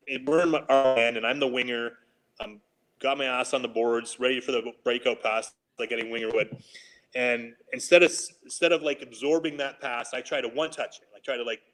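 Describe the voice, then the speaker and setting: Man telling lively hockey stories. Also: medium pitch, low-quality recording. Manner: animated anecdotes, laughing, quoting coaches. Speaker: former pro hockey player, guest. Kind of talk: casual storytelling.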